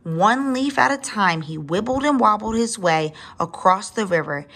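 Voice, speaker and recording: Expressive woman reading a children's story. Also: medium pitch, normal speed. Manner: expressive, with asides to young listeners. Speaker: reader. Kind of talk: children's story read-aloud.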